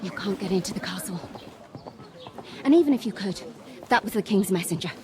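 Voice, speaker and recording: A woman's voice: mid-range voice, animated, a little fast, very noisy, lightly acted. A woman voicing a proud, prickly tavern woman in a video game, speaking curtly. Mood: cool. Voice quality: curt, cold.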